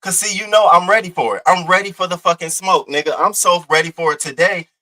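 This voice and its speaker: A man's voice: high-pitched, fast talker, pushed and bright, low-quality recording. A young man hosting a livestream, delivering brash, profane, taunting trash talk at a rival. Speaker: live-stream host. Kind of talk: heated livestream rant.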